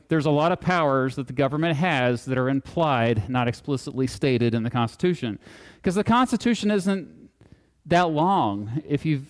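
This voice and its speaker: A man talks to a live audience in a hall, and his voice rings out with a long reverb. His tone is smooth and resonant and sits a little high for a man. His delivery is casual and animated, full of jokes and asides. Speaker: guest speaker. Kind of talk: live public lecture.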